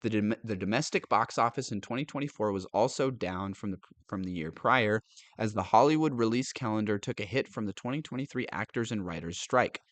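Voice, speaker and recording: A man who reads news aloud and adds sarcastic, animated commentary, laughing often. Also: on the low side, a little fast, dry recording. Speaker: political commentator.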